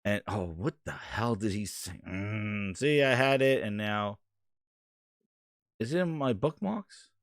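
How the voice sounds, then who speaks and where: A man hosting a live stream, talking in a rambling, excitable way with casual swearing. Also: lowish voice, slow pace, no echo, studio quality. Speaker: host.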